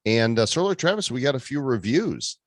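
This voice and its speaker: A man's voice: medium pitch, very animated, a little fast. A man hosting a casual podcast, upbeat, reading listener reviews aloud. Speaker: podcast host.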